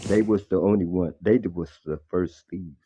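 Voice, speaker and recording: A man's voice: sits low, moderate pace, husky. A man in his sixties from Chicago, calling into a livestream and lecturing insistently, over dull lo-fi call audio. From Chicago, Illinois. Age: 60s. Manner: preachy, insistent, repeats "let me tell you". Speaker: caller.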